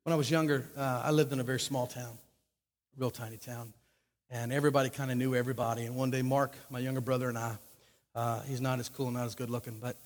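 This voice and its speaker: A man's voice: medium pitch, little pitch movement, fast, big-room sound. A man preaching a sermon, telling a joking personal story between scripture readings. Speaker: pastor.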